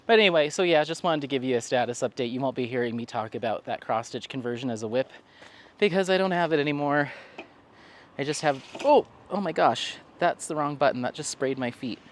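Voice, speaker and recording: A man's voice: mid-range voice, fast, a little hiss or hum. A man chatting casually in a rambling way while walking outdoors in town, with frequent fillers and laughs. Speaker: vlogger.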